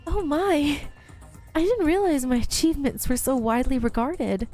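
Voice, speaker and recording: A bashful, polite young horsewoman from a story game, as a woman raises her voice to play her. She speaks in a higher, soft and formal way, with faint music behind. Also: normal speed, close to an everyday voice. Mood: modest. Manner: soft-spoken, formal and self-effacing. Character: modest young woman jockey, polite and shy.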